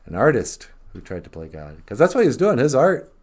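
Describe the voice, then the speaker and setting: A man's voice: medium pitch, wildly swooping pitch, fairly quick, a little mellow. A man co-hosting a podcast, retelling a story casually and rambling, with many restarts. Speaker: podcast co-host.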